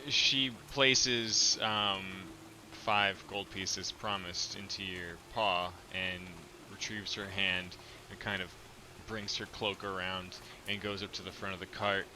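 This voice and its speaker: Male game master, low voice, slow deliberate narration. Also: fairly even intonation, noisy background.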